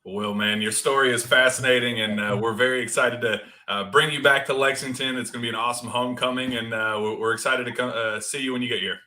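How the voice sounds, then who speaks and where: A man's voice: medium pitch, fairly even intonation, fast, few pauses, pushed and bright. A man co-hosting a sports podcast, chatting casually and reflectively, often trailing off. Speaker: podcast co-host.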